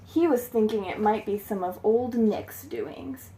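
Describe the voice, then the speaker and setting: A woman's voice: medium pitch, a little slow, dark tone. A woman telling a folktale in a plain, homespun way for a storytelling class. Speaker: student storyteller.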